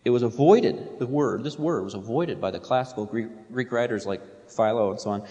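A man's voice: mid-range voice, fairly quick, warm tone. A man preaching a sermon, reading quotations aloud with rising intensity and otherwise explaining in a plain, conversational way. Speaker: pastor. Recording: long hall reverb.

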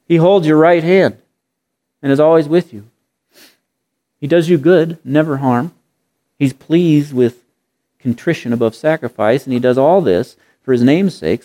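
A man's voice: medium pitch, mellow. A man preaching a sermon in an earnest way, piling up rhetorical questions and repeating phrases for emphasis.

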